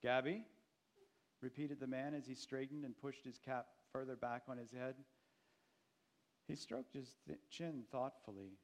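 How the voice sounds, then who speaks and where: Gentle male storybook narrator. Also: medium pitch, fairly even intonation, normal speed.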